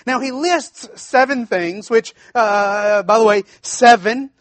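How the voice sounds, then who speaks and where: A man delivers a sermon as pastor with a notably high voice, recorded dry with no room around it. He talks emphatically, repeating key phrases for weight and often restarting his sentences. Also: takes it slowly, dry recording.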